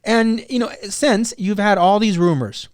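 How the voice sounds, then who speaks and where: A man's voice: high voice, unhurried, clear, resonant tone, no room sound, studio quality. A man hosting his own podcast, talking through his opinions in casual solo commentary, rambling, with many "you know"s and "right?"s. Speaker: podcast host.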